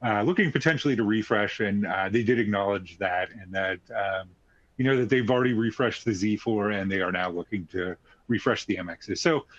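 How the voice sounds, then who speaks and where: Lower-voiced man explaining tech answers. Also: a little fast, no room sound. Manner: explanatory, frequent fillers and restarts. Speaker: technical expert guest. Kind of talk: webinar Q&A answers. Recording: dry muffled webcast audio.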